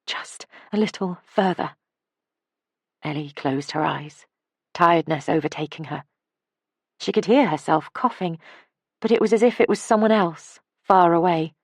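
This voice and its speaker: A woman narrates a novel with a calm, measured delivery. Her voice sits low, and the recording is close and dry with no room sound. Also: no room sound. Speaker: audiobook narrator. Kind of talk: scripted narration.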